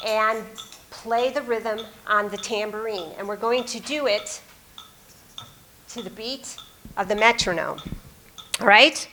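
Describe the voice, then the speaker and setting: A woman's voice: on the high side, bright, forceful tone, slight background noise. A woman in her fifties, a music therapist, giving an upbeat live demonstration talk and coaching a volunteer in front of an audience. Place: presentation room with audience.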